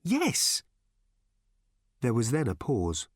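This male narrator reads an audiobook script wryly and expressively, his mid-range voice at a moderate pace. The recording is dry and of studio quality.

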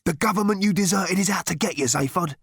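A short, stocky, weather-beaten man hisses urgent, clipped warnings in a raised voice, acted by a man reading the audiobook. His pitch swings widely. The sound is dry and close. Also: animated, normal speed, fairly bright tone, no room sound.

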